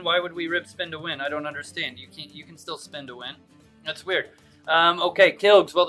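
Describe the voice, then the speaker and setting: A man's voice: fairly high pitch, sharp tone. A man hosting a live stream, chatting in a casual, upbeat and jokey way as he greets viewers by name.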